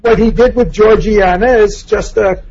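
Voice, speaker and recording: A man's voice: high voice, normal speed, creaky, darkish tone, slightly rough, highs cut off. A man giving a reflective lecture on a novel, asking questions and acting out quoted lines in passing.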